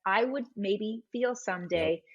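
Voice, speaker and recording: A woman guest on a podcast interview, telling a personal story with lively, acted-out dialogue. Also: mid-range voice, unhurried, vocal fry, highs cut off. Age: adult, mother of school-age boys. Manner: animated storyteller who acts out quoted dialogue. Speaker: entrepreneur guest.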